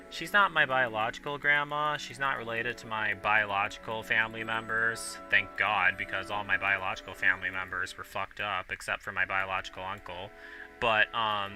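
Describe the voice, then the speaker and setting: A young man in his twenties hosts a gaming video, rambling casually through a city-building game with lots of fillers and restarts and an occasional hiccup. His voice is mid-range with a sharp tone, and game music plays behind him.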